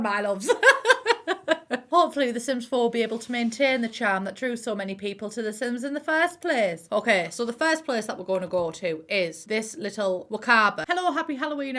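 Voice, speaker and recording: A woman's voice: medium pitch, a bit bright. Sweary, chatty young Teesside woman. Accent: Teesside English. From Middlesbrough, England. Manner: frank and sweary, calls viewers pet names. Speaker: YouTuber reviewing a game expansion. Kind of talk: casual chatty video review.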